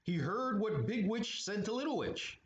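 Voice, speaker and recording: A man's voice: high-pitched, big pitch swings, moderate pace. A man reading a children's storybook aloud with playful, chatty asides. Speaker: storytime reader at art studio. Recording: echoey room, muffled, faint hiss.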